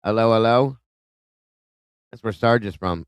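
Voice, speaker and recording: Host, male, lowish smooth voice, chatty and friendly, reading chat aloud on a dry close mic. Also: normal speed, dry recording. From Ohio. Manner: friendly, greets viewers by name. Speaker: livestream host. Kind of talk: casual live chat reading viewer comments. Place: home in Ohio.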